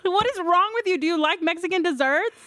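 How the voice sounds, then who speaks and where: A woman's voice: very high voice, animated, a little fast, background noise. A woman co-hosting a podcast in casual chat, teasing and playful, laughing often. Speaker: podcast co-host.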